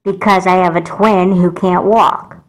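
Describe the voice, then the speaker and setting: A sulky teenage girl, voiced by a woman in a homemade doll movie, her lowish voice rising sharply when she gets angry. She talks back with a bitter, stubborn edge. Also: fairly even intonation, a little slow, natural voice. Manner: sulky, raising her voice in anger. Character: teenage girl, upset and angry over twin.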